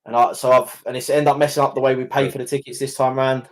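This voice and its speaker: A man's voice: mid-range voice, flat delivery, quick pace. A young man hosting a casual podcast, chatty, swearing and laughing often. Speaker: podcast host. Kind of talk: casual chat.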